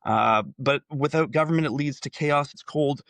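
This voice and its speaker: A man's voice: a little high, normal speed, fairly bright tone, no room sound. A man in his forties giving an impassioned solo commentary, full of rhetorical questions. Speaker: political commentator.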